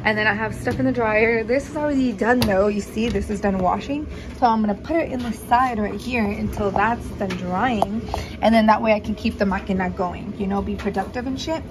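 A woman's voice: medium pitch, fairly quick, noisy background. A young woman vlogging at home as a mom, chatting casually, cursing offhand and slipping Spanish words into her talk, filmed on her phone. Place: at home, indoors and in the yard. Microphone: phone camera.

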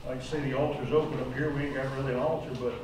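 A man's voice: medium pitch, little pitch movement, rapid-fire, noisy background. An older man preaching a sermon to a recovery program group, earnest and plain-spoken, rising to urgent exhortation. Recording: echoey room, voice from far off mic.

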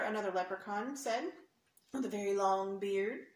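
A woman's voice: mid-range voice, fairly quick. Woman reading a picture book aloud. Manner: explains words and points at pictures for kids. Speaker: storyteller for children. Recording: echoey room, faint hiss.

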